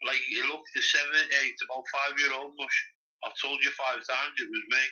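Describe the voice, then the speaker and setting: A man's voice: mid-range voice, steady tone, moderate pace, pushed and bright. A man in casual chat, talking bluntly and swearing often. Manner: profane, blunt. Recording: muffled lo-fi audio.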